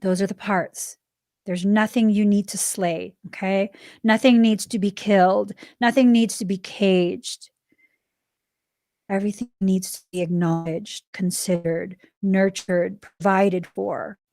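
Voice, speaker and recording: A woman in her forties hosting a spiritual self-help podcast, talking earnestly and stressing key words, sometimes dropping to a soft, reflective tone. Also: medium pitch, fairly even intonation, measured pace, no room sound, studio quality. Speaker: podcast host.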